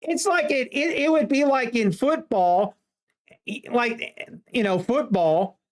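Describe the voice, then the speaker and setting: A woman's voice: fairly high pitch, expressive, takes it slowly. A woman streamer chatting casually to her viewers, ranting in mock exasperation. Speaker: livestreamer. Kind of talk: casual livestream chat.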